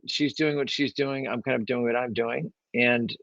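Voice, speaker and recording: Through his own microphone, a man with a mid-range, gravelly voice and a steady tone speaks at normal speed. He's a real estate investor guesting on an interview, rambling through his story with many fillers and restarts. The sound has no room sound and is muffled.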